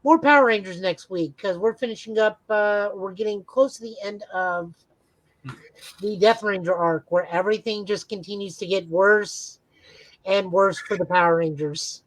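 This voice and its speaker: A man's voice: sits high, normal speed, a bit bright, low-quality recording. A man co-hosting a casual podcast, talking at length in an enthusiastic, rambling way. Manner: rambling, enthusiastic fan talk. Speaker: podcast co-host.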